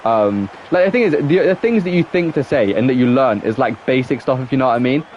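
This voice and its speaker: A man's voice: mid-range voice, lively intonation, brisk, a little mellow, slight background noise. A young man with an English accent chatting casually while playing a football game on a live stream, rambling and reacting to the match. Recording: dull, muffled sound.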